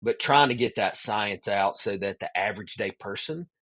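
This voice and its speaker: Speaking at normal speed in a voice on the low side, a podcast guest tells a long story in an easygoing way. He's animated throughout and drops in "man" constantly.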